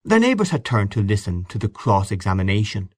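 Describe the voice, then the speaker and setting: A man narrating a literary story in a lively, measured reading. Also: on the low side, no room sound, studio quality. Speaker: audiobook narrator.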